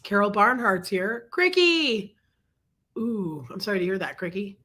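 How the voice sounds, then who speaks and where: A woman's voice: lively intonation, unhurried, bright, forceful tone. Sick chatty woman streaming live. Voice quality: low husky sick voice. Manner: chatty, greets viewers by name. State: sick, congested and coughing. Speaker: livestream host. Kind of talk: casual livestream chat.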